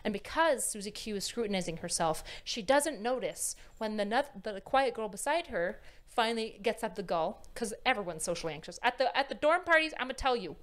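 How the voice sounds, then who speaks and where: A woman's voice: on the high side, lively intonation, fairly quick, few pauses. A young woman telling a story in a casual, emphatic way with some swearing, explaining anxiety. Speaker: speaker on anxiety. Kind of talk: animated storytelling talk.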